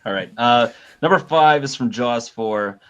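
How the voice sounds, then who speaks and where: A man co-hosting a podcast, talking in a laid-back, halting way. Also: medium pitch, a bit bright, clear, resonant tone, muffled recording. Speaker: podcast co-host. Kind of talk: casual chat.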